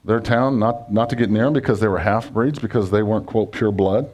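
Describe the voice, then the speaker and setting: A pastor preaching a conversational sermon, joking and asking the congregation questions. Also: male voice, fairly low pitch, brisk, a little mellow.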